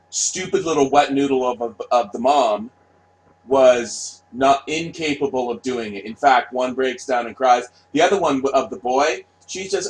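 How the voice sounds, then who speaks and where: A man's voice: mid-range voice, low-quality recording. A man ranting bluntly in a solo monologue. He swears freely, repeats himself and keeps asking "right?". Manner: profane, blunt, repetitive, asks "right?" often. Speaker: vlogger.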